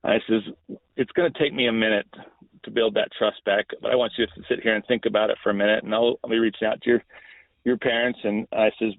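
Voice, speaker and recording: The principal's voice here is lowish and steady, and he moves at a quick pace. He's a middle-aged man sharing a story on an informal podcast, sincere and prone to restarting his lines. The recording is dry yet thin, like a phone call.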